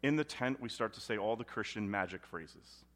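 A male pastor preaching a sermon in a conversational style, swinging between loud emphasis and hushed intensity. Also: medium pitch, quick pace.

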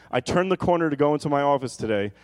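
A man preaching a sermon, telling jokey stories with sudden high-pitched yelps before turning quiet and earnest. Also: lively intonation, a little fast, clean tone. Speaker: pastor.

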